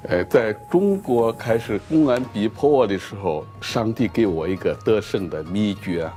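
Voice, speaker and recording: A man from China recounts his faith in a low, mellow voice, measured and earnest. Faint music plays softly behind him as he gives his testimony in an interview. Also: lively intonation. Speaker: interviewee, Christian preacher. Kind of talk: religious testimony.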